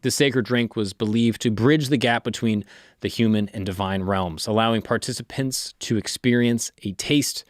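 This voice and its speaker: A man's voice: on the low side, normal speed, no room sound, clean studio sound. A man hosting a comedic history podcast, reading facts and breaking off into irreverent joking asides. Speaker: podcast host.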